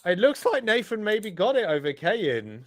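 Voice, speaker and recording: A man giving casual, excitable live race commentary, sweary and rambling with fillers. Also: high-pitched, normal speed.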